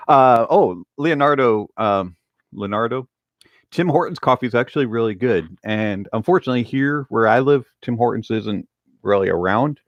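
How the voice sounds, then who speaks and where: A man's voice: medium pitch, lively intonation, normal speed, no echo, muffled recording. A man who teases and laughs easily, chatting casually as a podcast host. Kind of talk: casual chat.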